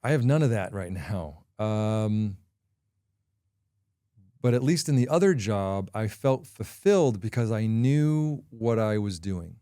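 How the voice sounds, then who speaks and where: A middle-aged man hosting a podcast, talking through a personal confession in a candid, halting way with frequent pauses. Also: lowish voice, lively intonation, mellow, smooth, no echo, clean studio sound. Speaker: podcast host.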